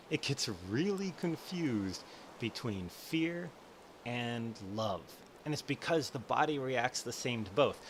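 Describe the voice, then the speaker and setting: A man's voice: lowish voice, slight background noise. Young man explaining over gameplay. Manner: storytelling, acts out inner voices. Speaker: host.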